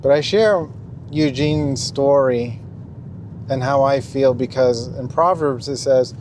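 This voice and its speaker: A man's voice: mid-range voice, slow, a little mellow, slight background noise. A young man earnestly telling a personal faith testimony in casual speech, with frequent ums and you-knows. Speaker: Christian testimony vlogger.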